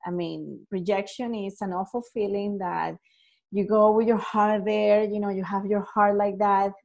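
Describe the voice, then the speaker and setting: A woman educator talks casually to the camera in a chatty, loose way. Her voice sits at a middling pitch, with lots of fillers and laughs breaking up her explanations. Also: creaky, darkish tone.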